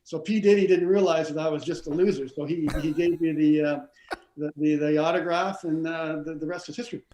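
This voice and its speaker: A middle-aged man with a notably high voice spins long, animated anecdotes, tripping over restarts as he goes. He sounds like a guest on a video call, his voice carrying a roomy echo. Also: brisk, slight background noise. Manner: rambling, animated, many restarts and stammers. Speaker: stunt coordinator and actor, interview guest. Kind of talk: casual storytelling interview.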